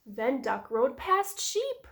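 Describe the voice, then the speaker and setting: A woman who is a preschool teacher, reading a picture book aloud to young children in a slow, sing-song storytelling voice. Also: high-pitched, big pitch swings.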